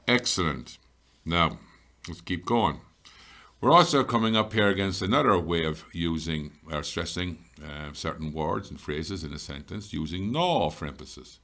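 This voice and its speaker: Male teacher, extremely deep voice, patient step-by-step grammar explanations, slows down to read examples. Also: lively intonation, sharp tone. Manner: explains patiently, reads example sentences slowly. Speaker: Irish language teacher. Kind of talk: classroom grammar lesson.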